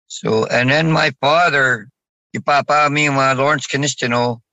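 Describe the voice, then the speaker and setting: Bright-voiced man speaking haltingly. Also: medium pitch, steady tone, dry recording, poor audio. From Saskatchewan, Canada. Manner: halting, with many restarts and fillers. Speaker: guest. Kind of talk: casual interview talk.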